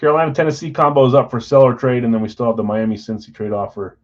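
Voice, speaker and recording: A man hosting a live sports card break stream, chatting casually and reading out names and teams in quick lists. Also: mid-range voice, muffled recording.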